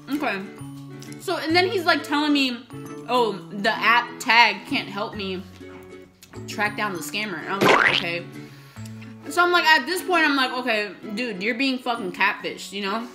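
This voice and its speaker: A young woman vlogger telling a storytime while eating, animated, swearing often and acting out the messages she got. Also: a little high, unhurried, soft background music.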